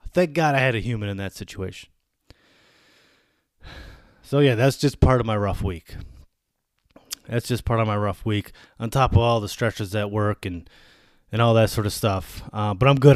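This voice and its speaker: A man in his thirties hosting a podcast, telling a story as a casual rant, animated and swearing, acting out little quoted asides. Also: on the low side, moderate pace, pauses often, smooth, no room sound, studio quality. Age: 30s. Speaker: podcast host.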